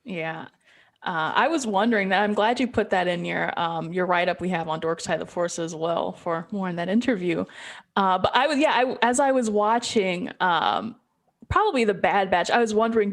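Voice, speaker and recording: A woman hosting a casual podcast, chatty and quick to laugh, passing the floor to her co-hosts. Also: medium pitch. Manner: chatty, laughs often, hands off to others. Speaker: podcast host. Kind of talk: casual chat.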